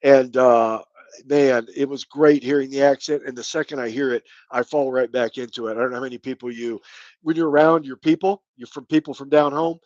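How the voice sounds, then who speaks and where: A man's voice: medium pitch, steady tone, a little fast, a little mellow, no echo, dull audio. Rambling Kentucky-born man on a live chat. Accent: light Kentucky. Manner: rambling, folksy, thanks viewers by name. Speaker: channel host. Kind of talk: casual live stream chat.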